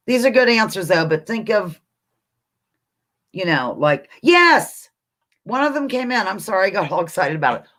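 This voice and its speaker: A chatty woman hosts a live online trivia game, talking through everything she does on screen as she goes. Her pitch leaps up and drops low all the time, swinging between bubbly excitement and low asides. She speaks into a desk computer mic. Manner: chatty, narrates her own actions, excitable. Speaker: livestream host running a trivia game. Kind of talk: casual live-stream chat.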